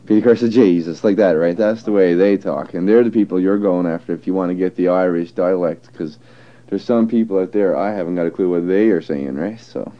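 A man's voice: low-pitched, fairly quick, muffled recording. A man from Newfoundland with a Newfoundland accent, chatting casually, rambling and correcting himself, often chuckling. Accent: Newfoundland English. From Newfoundland, Canada. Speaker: dialect archive interviewee. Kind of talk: casual chat.

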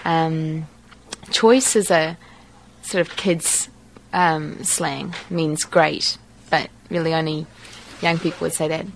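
A woman from New Zealand speaks with a clear New Zealand accent in a fairly low register. She talks in a relaxed, unscripted way, pausing often with ums and small restarts. A faint hiss sits under the recording. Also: poor audio. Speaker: dialect archive speaker. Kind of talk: reading a passage, then casual unscripted talk.

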